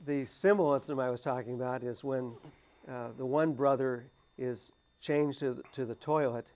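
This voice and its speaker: A man talking casually about a movie on a studio discussion show, halting and full of restarts. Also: medium pitch, steady tone, darkish tone. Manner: halting, many restarts and fillers. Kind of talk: casual chat about a film. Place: cable TV studio.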